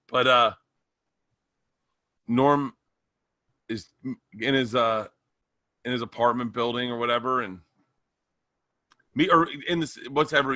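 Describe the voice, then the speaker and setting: A man's voice: mid-range voice, sharp tone, no echo, clean studio sound. A man co-hosting a podcast in casual chat, a rambling storyteller who restarts his sentences. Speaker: podcast co-host.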